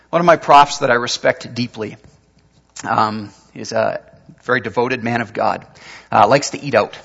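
A man preaching a sermon as pastor, telling a story that moves between lively and hushed delivery, recorded with dull lo-fi sound in a church sanctuary. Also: a little high, moderate pace, creaky, breathy edge. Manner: storytelling, shifting from animated to hushed. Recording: dull lo-fi sound with long hall reverb.

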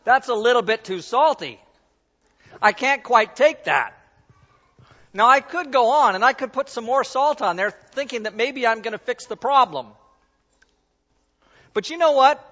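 Pastor in a reverberant hall. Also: male voice, extremely high pitch, fairly bright tone. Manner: conversational, self-deprecating, demonstrates while talking. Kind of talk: sermon with a live object lesson. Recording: dull sound in a reverberant hall.

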